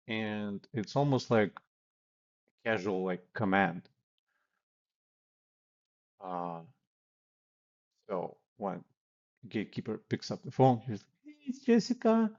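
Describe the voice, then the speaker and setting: Low-voiced man coaching cold calls. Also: darkish tone, highs cut off. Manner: casual, demonstrates cold-call lines aloud. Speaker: sales trainer. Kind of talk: instructional talk with role-play examples.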